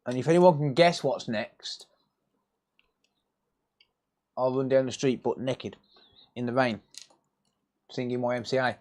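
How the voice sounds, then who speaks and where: A man's voice: mid-range voice, steady tone, moderate pace, a little mellow. A man, chatting casually and joking crudely with viewers while doing electronics repair work. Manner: joking, crude banter with chat. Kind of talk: casual live-stream chat while working.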